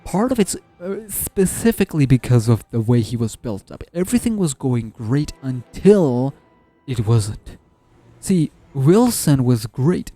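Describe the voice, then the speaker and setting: A man's voice: mid-range voice, big pitch swings, unhurried, mellow, faint music behind. A man giving casual, joking commentary as he ranks video game characters, often restarting and stumbling over his words. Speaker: gaming commentator. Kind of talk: casual tier-list commentary.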